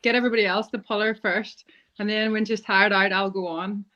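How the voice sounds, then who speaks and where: A woman's voice: medium pitch, steady tone, brisk, pushed and bright, muffled recording. A woman guest on a video call talking playfully about arm wrestling strategy. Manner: playful, scheming. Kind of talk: casual chat.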